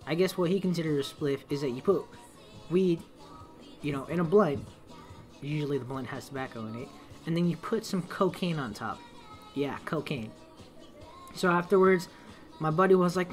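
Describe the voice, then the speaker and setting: A young man telling a casual story, swearing often and acting out quotes loudly. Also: on the high side, moderate pace, faint music behind. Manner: animated, swearing, acts out quotes in raised voice.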